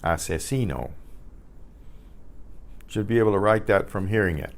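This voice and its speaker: A man with a fairly low voice and fairly even intonation leads a beginners' Spanish lesson. He says each word slowly, repeats it many times, and spells it out, clearing his throat now and then.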